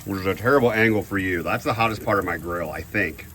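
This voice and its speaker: A man's voice: sits low, fast talker, a bit bright, a little hiss or hum. A man in a casual cooking vlog, chatty and self-deprecating, thinking aloud as he grills outdoors. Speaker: home cook.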